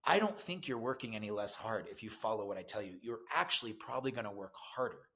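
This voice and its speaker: A man's voice: lowish voice, animated, fast talker, a bit bright. A middle-aged man speaking as a business coach in a motivational talk to camera, earnest and emphatic in a conversational way.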